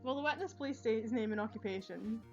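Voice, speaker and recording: A woman with a Scottish accent voicing a mild, formal older male judge in a measured way, reading game dialogue aloud. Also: on the high side, darkish tone, muffled recording, faint music behind, lightly acted.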